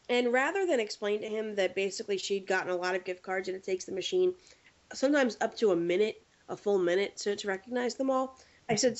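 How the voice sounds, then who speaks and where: Woman podcast host, animated storyteller, mid pitch, dull lo-fi audio. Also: brisk. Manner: animated storyteller acting out quotes. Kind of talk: casual chat, anecdote telling.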